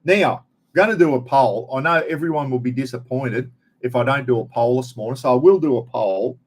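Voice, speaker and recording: A man's voice: medium pitch, brisk. A middle-aged Australian man hosting a casual live chat, talking in a rambling, blokey, slangy way straight to his viewers. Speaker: live stream host.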